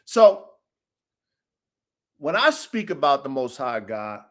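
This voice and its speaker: A man's voice: mid-range voice, sing-song, slow. A man hosting his own show, talking unscripted to viewers in an aggressive, profane, preachy street style. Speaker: show host.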